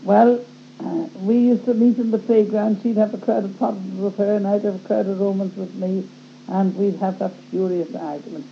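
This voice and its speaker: A woman's voice: mid-range voice, fairly even intonation, normal speed, vocal fry. A woman telling a personal story in a plain, wry way, recorded on a dull lo-fi tape with a faint hum. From Ireland. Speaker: speaker giving testimony.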